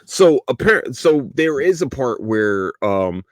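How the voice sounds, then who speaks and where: A man hosting a casual podcast, rambling excitedly about an anime he loves, swearing freely and tripping over repeated words. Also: mid-range voice, unhurried, dry recording, studio quality. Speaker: podcast host. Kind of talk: casual solo anime review.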